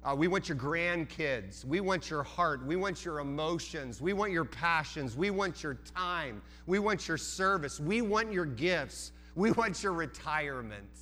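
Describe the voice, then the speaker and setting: A man's voice: a little high, expressive, a little slow, few pauses, pushed and bright, faint music behind. A man preaching a sermon as pastor, earnest, with frequent restarts and repeated words.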